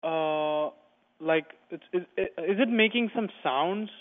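A man's voice: high-pitched, slow pace, narrow, tinny audio. A man working a motel front desk, answering a call politely and hesitantly, with many fillers. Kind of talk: phone call.

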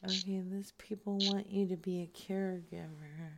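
A woman's voice: medium pitch, steady tone, moderate pace, gravelly. A woman hosting a radio show, chatting casually and crudely between prank phone calls. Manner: crude, joking, laughs often.

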